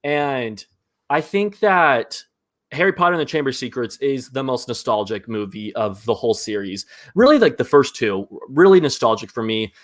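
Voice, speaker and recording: A man hosting a live movie ranking show in casual chat, enthusiastic and quick to laugh, with lots of fillers. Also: mid-range voice, lively intonation.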